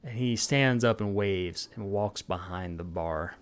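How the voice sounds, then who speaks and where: A man narrating as game master of a tabletop role-playing game, halting with fillers as he describes the scene. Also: lowish voice, clean tone.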